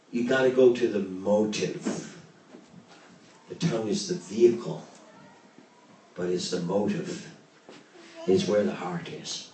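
A man preaching a sermon as pastor, swinging from loud, raised exhortation to low, quiet emphasis. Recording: roomy, distant mic with faint ambience.

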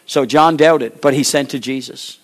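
A male preacher delivering a sermon in a mid-range voice. He acts out the figures he quotes, rising to loud, high exhortation and then falling to slow, hushed pleading. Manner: acts out biblical dialogue.

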